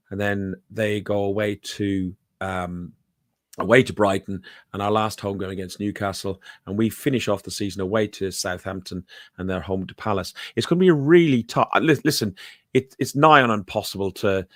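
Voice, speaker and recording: Brief: male host, lowish voice, dry close sound, hesitant and filler-heavy. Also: fairly bright tone, dry recording. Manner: hesitant, many fillers, reads out chat comments. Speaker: podcast host. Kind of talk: casual football chat.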